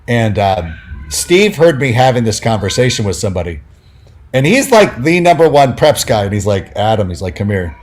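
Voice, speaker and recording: A man of middle pitch, talking as a guest on a podcast. He tells long, rambling stories, speaks casually with many fillers, and acts out the voices of the people he quotes. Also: sing-song, moderate pace, slight background noise. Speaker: podcast guest, fantasy football analyst. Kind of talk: casual storytelling.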